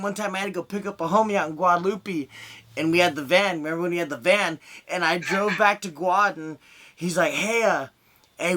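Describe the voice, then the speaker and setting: A man's voice: high voice, a bit bright. Young guy doing standup on zoom, rambly and crude, lots of swearing. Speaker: stand-up comedian. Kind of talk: stand-up set on a video call. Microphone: video call.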